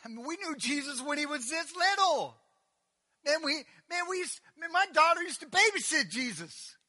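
A man's voice: very high voice, lively intonation, moderate pace, bright, forceful tone, long reverb tail, voice pushed up, full character voice. A preacher doing a scoffing small-town neighbor man. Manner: incredulous, chatty, exaggerated.

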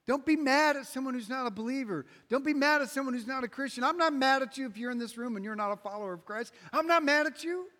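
A man preaching a sermon to a room, emphatic and repetitive, swinging between loud pushes and quiet drops. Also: extremely high pitch, quick pace, hardly any pauses. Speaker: pastor. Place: large room with an audience. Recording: long hall reverb.

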